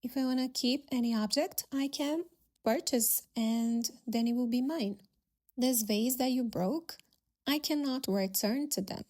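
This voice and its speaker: A woman voicing a calm, wealthy male party host who explains things patiently and matter-of-factly. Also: fairly high pitch, unhurried. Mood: calm firm.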